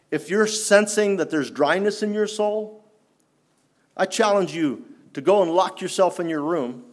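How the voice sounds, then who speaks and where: A pastor preaches in an earnest, challenging manner, raising his voice for emphasis and then letting it drop low.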